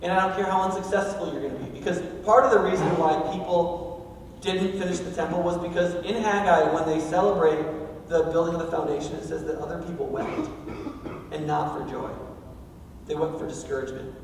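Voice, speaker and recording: Recorded from a distance in the echoey hall of a church sanctuary, with slight background noise, a pastor preaches his sermon. His voice is on the high side and a little fast, and his style is casual, conversational and full of jokes.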